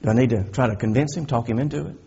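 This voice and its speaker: A man's voice: medium pitch, racing, vocal fry, warm tone, slightly rough, muffled recording. A middle-aged man preaching a sermon, building emphasis and asking rhetorical questions of his listeners. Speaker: pastor.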